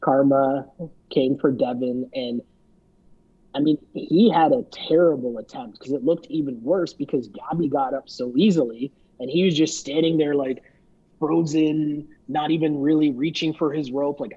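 A man's voice: mid-range voice, normal speed, breathy edge. A man co-hosting a podcast, chatting casually about a reality show in a loose, filler-heavy way. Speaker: podcast co-host. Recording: dull lo-fi sound.

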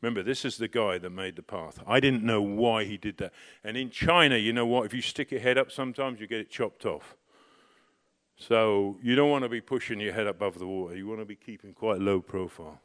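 Animated man telling a personal story. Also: lowish voice, a little fast. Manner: animated, with restarts and bursts of excitement. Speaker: storyteller recounting personal experience. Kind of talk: casual anecdotal storytelling.

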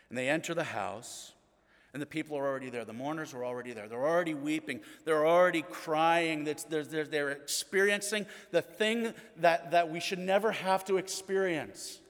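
A middle-aged man preaching a sermon as pastor, telling the story earnestly and often dropping to a hushed tone. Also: on the high side, big-room sound.

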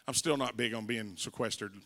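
An older man preaching a folksy testimony sermon as an evangelist, telling stories and rising into shouted preaching. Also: mid-range voice, fairly quick, gravelly. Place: church sanctuary. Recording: long church hall reverb.

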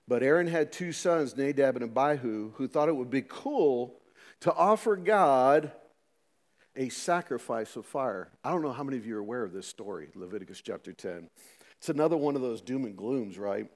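A middle-aged man preaching a sermon as pastor, animated, swinging between loud emphasis and quiet asides, with many rhetorical questions. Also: mid-range voice. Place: church sanctuary. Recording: long reverb of a church hall.

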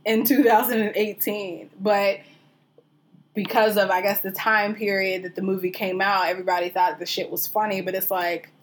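A woman's voice: mid-range voice, flat delivery, moderate pace. A young woman co-hosting a podcast, talking bluntly and candidly in casual chat, swearing freely. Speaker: podcast co-host.

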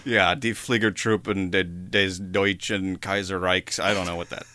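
A man's voice: sits low, flat delivery, a little slow, bright, forceful tone, dry recording. A man co-hosting a podcast, telling history in a casual, jokey way and swearing now and then. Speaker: podcast co-host.

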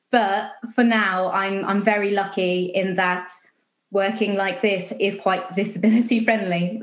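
A young woman from southern England, a guest talking in a chatty, upbeat way with frequent ums over a video call. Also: mid-range voice. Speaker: guest, financial advisor. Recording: echoey room.

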